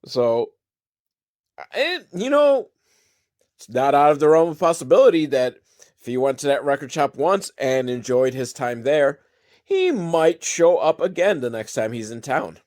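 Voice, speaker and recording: A man rambles through a comedic film recap, sarcastic and freely profane. His voice sits at an ordinary pitch but jumps up and down with lively swings. He often drifts off into his own side stories. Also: moderate pace.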